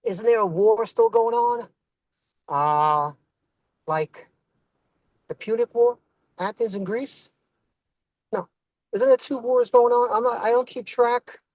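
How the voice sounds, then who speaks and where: Inside his car, an Italian-American comedian does a rambling stand-up set while driving, asking himself "what else is going on." His very high voice is a little mellow, and he takes it slowly with frequent pauses. The recording is dry.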